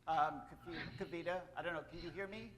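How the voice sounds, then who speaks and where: A man moderates a live panel, talking loosely with plenty of fillers as he steers the guests. His voice sits slightly high for a man, and faint event-room noise runs underneath. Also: quick pace.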